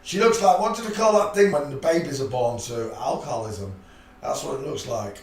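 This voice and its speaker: Recorded in an echoey room on a distant mic with faint hiss, this channel host has a voice on the high side and talks fairly quickly. He rambles through a live stream, muttering and chuckling bluntly and offhandedly.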